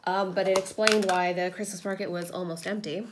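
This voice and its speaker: Woman, 30s, crafting vlogger at home, relaxed chatty storyteller, filler-heavy. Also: mid-range voice, brisk, background noise. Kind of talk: casual chat while crafting. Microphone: camera propped on a table.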